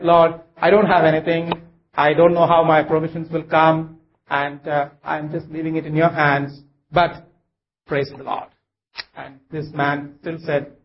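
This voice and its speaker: A man preaching a sermon to a congregation, halting, with many fillers and restarts. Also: fairly high pitch, roomy sound, highs cut off.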